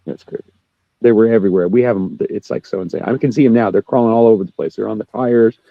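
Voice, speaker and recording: Fast, profane man ranting on a call. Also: gravelly, no room sound, muffled recording. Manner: profane, ranting, quick, jumps up in pitch when worked up. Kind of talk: casual chat.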